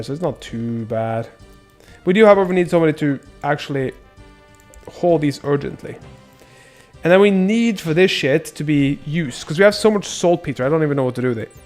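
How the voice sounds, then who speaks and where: A fairly high-voiced man streams a game live, reacting loudly and swearing as he talks to his chat. Faint game music plays under his voice. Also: expressive, fairly quick. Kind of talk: casual live-stream gameplay commentary.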